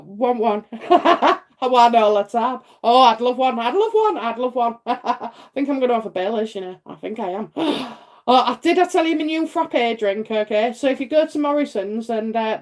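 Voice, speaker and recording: Middle-aged British woman, psychic live-streamer, slightly high voice, rambling and chatty, quick to laugh. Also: darkish tone. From United Kingdom. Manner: chatty and rambling, many fillers and tag questions; laughs often. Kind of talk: casual live-stream reading.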